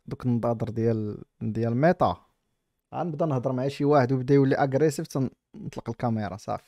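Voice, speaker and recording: Rapid-fire Moroccan man mocking a clip. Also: mid-range voice, warm tone, dry recording, clean studio sound. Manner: rapid, mocking, switches between languages. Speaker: streamer reacting to a video. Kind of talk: casual reaction commentary.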